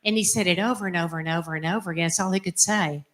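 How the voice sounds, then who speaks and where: An older woman, a religious sister, telling a personal story in an animated, emphatic way. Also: on the low side, rapid-fire. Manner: animated, emphatic, acts out quotes. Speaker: religious sister giving a testimony. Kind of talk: storytelling talk.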